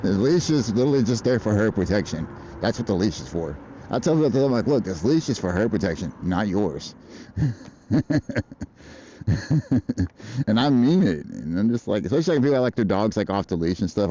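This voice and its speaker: A man's voice: on the low side, sing-song, fairly quick, dark tone, a little hiss or hum. Profane rambling man, dull street-stream audio. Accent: American. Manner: profane, rambling, laughs often. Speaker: livestreamer. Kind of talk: casual live-stream chat. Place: outdoors in traffic on a bike.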